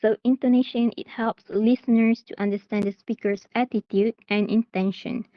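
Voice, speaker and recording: A woman's voice: on the high side, fairly even intonation, moderate pace, dry recording, dull audio. A woman from Malaysia teaching an online English class, explaining steadily with many "okay" and "uh" fillers.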